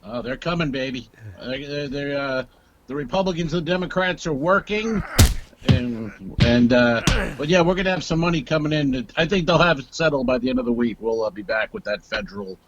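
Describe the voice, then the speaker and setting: A man's voice: mid-range voice, lively intonation, a little fast, dull audio, music in the background. A man co-hosting a comedy podcast, teasing and sarcastic, chatting casually over a remote call. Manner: teasing, sarcastic, laughs often. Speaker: podcast co-host.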